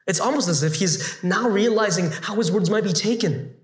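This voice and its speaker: A man teaching a scripted Bible lesson in an animated way, full of rhetorical questions. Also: high-pitched, normal speed, echoey room.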